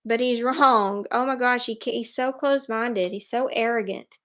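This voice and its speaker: A woman giving a live tarot reading, speaking in an animated, emphatic way and laughing often. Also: a little high, normal speed. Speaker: tarot reader.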